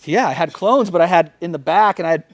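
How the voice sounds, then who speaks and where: A man's voice: on the high side, quick pace, no echo, clean studio sound. A man from Northern California, a company founder, telling blunt, profane stories as a guest in a casual interview. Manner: profane, emphatic storyteller.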